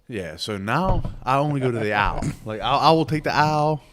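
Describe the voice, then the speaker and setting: A man on a casual podcast tells a rambling, swear-filled travel story. His pitch swings widely as he slips into the voices of the people he met. His talk is loose and unscripted. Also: animated, a little fast, fairly bright tone. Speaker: podcast co-host.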